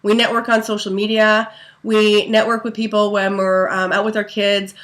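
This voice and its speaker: A woman's voice: mid-range voice, flat delivery, moderate pace, a bit bright. A woman giving a casual, rambling training talk to her network marketing team, full of fillers and asides. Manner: chatty, rambling, many ums and likes.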